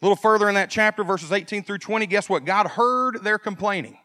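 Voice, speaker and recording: A male pastor preaching a sermon, animated and swinging from quiet folksy asides to loud emphasis. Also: high voice, fairly quick, no echo, studio quality.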